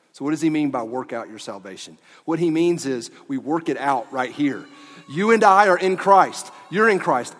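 A man preaching a sermon as pastor of a church, animated and at times dropping to quiet emphasis. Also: fairly high pitch. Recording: long church hall reverb.

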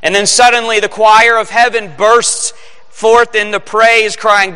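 A man's voice: high voice, level tone, a little slow, sharp tone, smooth. A man preaching a Christmas Eve sermon, earnest and building to emphatic peaks. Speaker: pastor. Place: church sanctuary. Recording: echoing sanctuary reverb.

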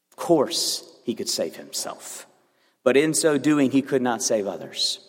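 A man's voice: medium pitch, very animated, measured pace. A man in his thirties preaching a sermon as pastor, earnest and building to fervent emphasis. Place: church sanctuary. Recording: long reverb of a church hall.

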